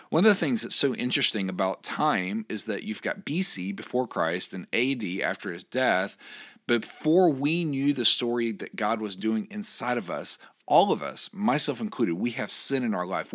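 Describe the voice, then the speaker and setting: A man's voice: fairly low pitch, a bit bright. A male pastor giving a short, earnest devotional sermon, reading scripture aloud and encouraging his listeners.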